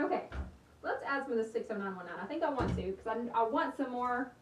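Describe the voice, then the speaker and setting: A woman's voice: a little high, expressive, brisk. A woman in her thirties from East Texas with a Texan accent, chatting casually and thanking viewers by name while she crafts on a livestream. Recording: echoey room, mic at a distance, faint hum.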